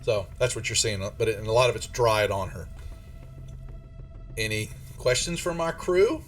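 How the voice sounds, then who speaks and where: A man running a tabletop horror game as game master, narrating in a rambling, halting way full of restarts and fillers. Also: lowish voice, expressive, faint music behind.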